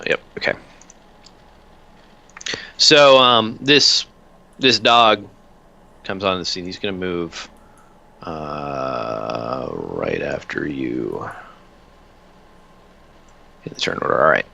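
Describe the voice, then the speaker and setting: A man narrating a tabletop game as game master, relaxed and full of filler sounds. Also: deep voice, extremely slow, vocal fry, pauses often, slight background noise.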